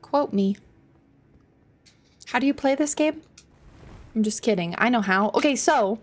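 A woman streaming a game and chatting casually with her viewers. Her voice sits fairly high and she talks at an unhurried pace. She laughs often and cries out loudly at the game. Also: lively intonation. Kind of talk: casual live-stream chat while gaming.

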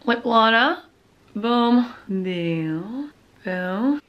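A woman's voice: fairly high pitch, lively intonation, drawn-out words, muffled recording. A young woman chatting candidly to camera in a home vlog, grumbling and sometimes dropping to a murmur. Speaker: vlogger. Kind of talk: casual vlog chat. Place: at home, bedroom.

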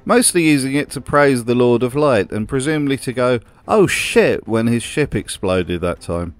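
A man's voice: medium pitch, expressive, normal speed, no room sound. A man hosting a comedic video essay, narrating in a dry, sarcastic way. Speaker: host.

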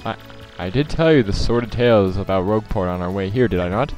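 A man's voice: fairly low pitch, expressive, fast talker, darkish tone, faint music behind, lightly acted. A man voicing a courteous, deferential ship crewman who speaks politely and a little hesitantly. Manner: polite, addresses "sir", hesitant.

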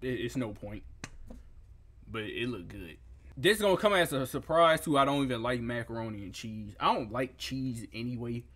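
A young man reviewing food photos in a comedic reaction rant, incredulous and profane, breaking into loud outbursts. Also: medium pitch, lively intonation, normal speed.

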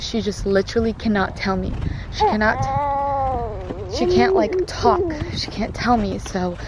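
A young woman, a mother, chatting casually straight to her viewers on a handheld phone camera as she goes through her day at home and on a walk, with lots of "like" and "literally". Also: medium pitch. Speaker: vlogger mom. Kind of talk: casual day-in-the-life vlog. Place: home, then outdoors on a walk and at a park. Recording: music playing underneath.

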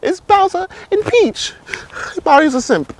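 Man doing a jumpy cowardly Luigi, lively swooping voice, rambling comic panic. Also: very high-pitched, unhurried, heavily acted. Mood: panicked. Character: jittery cowardly adult male plumber Luigi. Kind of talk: comedy skit role-play. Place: outdoors in a village.

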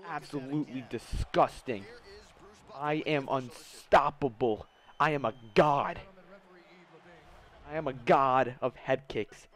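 A young man giving live gameplay commentary, trash-talking his opponent, swearing and erupting into shouts. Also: medium pitch. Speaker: gaming YouTuber.

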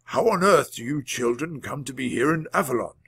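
A man's voice: medium pitch, animated, a little fast, creaky, a bit bright, husky, dry recording, studio quality, exaggerated voice. A man voicing a grave, formal old wizard in a storybook reading. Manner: formal, solemn.

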